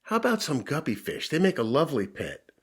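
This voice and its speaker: Man doing a gentle mother dog. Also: mid-range voice, wildly swooping pitch, a little fast, slightly rough, voice pushed up. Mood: coaxing.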